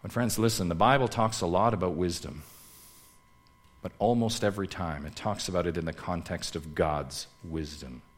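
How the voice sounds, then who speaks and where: A man preaching a sermon, swinging between loud emphatic lines and hushed low asides, and putting rhetorical questions straight to his listeners. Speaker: pastor.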